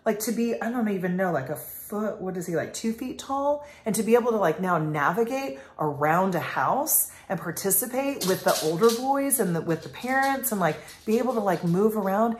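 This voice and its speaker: A woman's voice: medium pitch, animated, moderate pace, few pauses. A woman in her thirties, a life coach talking in a casual vlog monologue, rambling and passionate with many fillers. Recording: echoey room.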